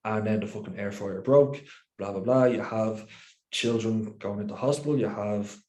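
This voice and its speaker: Man, podcast coach, blunt, sweary, casual chat, somewhat low voice, echoey room. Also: normal speed, darkish tone. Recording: roomy echo.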